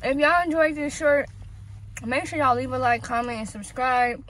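A young woman chatting to her viewers while she eats and reviews fast food, talking with her mouth full. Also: high-pitched, a bit bright, poor audio. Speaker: food vlogger.

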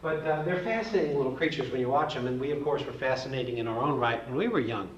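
A man's voice: medium pitch, quick pace. A man teaching a psychology lecture in a folksy, joking way, with playful asides. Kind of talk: recorded classroom lecture. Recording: roomy, distant, dull lo-fi with faint hiss.

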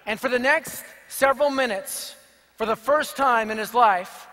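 A man preaching to a large crowd with energetic, joking storytelling. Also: extremely high pitch, unhurried. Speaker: evangelist speaker. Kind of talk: sermon with humorous storytelling. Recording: long reverb of a big hall.

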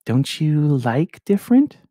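A man voicing a quirky, playful teenage girl who talks softly and teases. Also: medium pitch, sing-song, normal speed, no room sound, clean studio sound, voice pushed up. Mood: teasing.

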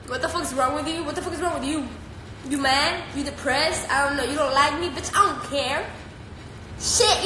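Teenage girl streamer with a high voice, profane and playful, recorded on a phone in an echoey, noisy room. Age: teens. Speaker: live streamer. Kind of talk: casual live-stream chat reading viewer comments.

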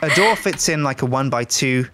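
An animated man chats casually while coaching a new player through a game. His pitch swings widely as he teases her and gives patient step-by-step instructions. His voice sits at an ordinary middle pitch for a man. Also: normal speed, background noise. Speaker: Minecraft mentor. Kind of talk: casual gaming chat.

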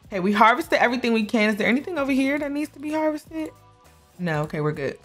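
A young woman streams a life sim game, casually chatting, talking to her characters, and laughing often. Her voice is on the high side, expressive, fast, and fairly bright, with faint music behind it.

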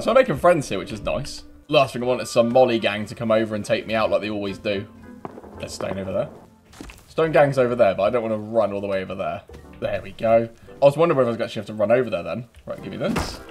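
A young British man giving cheeky gameplay commentary, laughing often and breaking into loud taunting yells. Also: lowish voice, animated, fast talker, faint music behind. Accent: British English. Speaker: gaming YouTuber.

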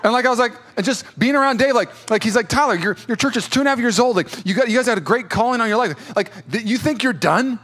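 A young man who pastors a church, preaching a sermon in his sanctuary with animated storytelling and frequent filler words. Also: extremely high pitch, fast, hardly any pauses. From California, USA.

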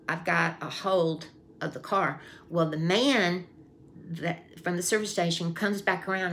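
Slow low-voiced woman telling a story. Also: a bit bright, slight background noise. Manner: chatty, repeats herself, acts out her own past thoughts. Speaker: vlogger. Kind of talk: casual storytelling.

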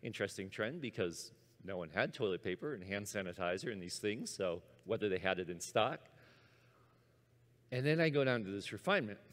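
Give me a man in his fifties speaking at a conference, very animated, with long reverb from a big hall. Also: fairly low pitch, brisk. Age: 50s. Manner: animated, acts out his own inner voice. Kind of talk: conference talk.

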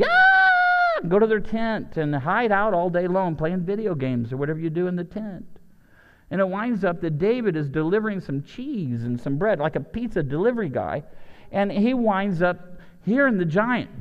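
A man preaching as a pastor, storytelling with lively swings between excited high lines and quiet low asides. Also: clean tone. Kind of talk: lively sermon with acted-out voices. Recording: dull lo-fi church hall sound.

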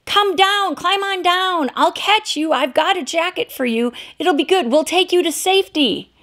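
A woman's voice: very high-pitched, moderate pace, a bit bright, pitched above the performer's own voice. A woman doing an urgent boat rescuer. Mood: coaxing.

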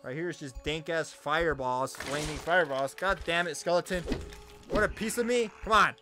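A young man giving loud, cursing let's-play commentary, yelling at monsters as his voice grows hoarse. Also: on the high side, normal speed, music in the background. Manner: loud, swearing, talks to the monsters. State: voice getting hoarse. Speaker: gamer.

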